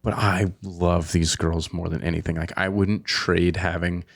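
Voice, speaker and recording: A man in his thirties with a very low voice hosts a podcast in casual conversation. He rambles from thought to thought with eager, animated energy, speaking into a podcast microphone. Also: a little slow. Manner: excitable, rambling, animated storytelling. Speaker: podcast host. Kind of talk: casual chat.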